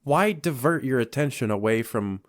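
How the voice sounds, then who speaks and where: A man's voice: mid-range voice, moderate pace, no room sound. Guy on a movie podcast, swears a lot, says like constantly, super dry sound. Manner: profane, animated recounting with lots of "like". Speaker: podcast co-host. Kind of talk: casual movie recap chat.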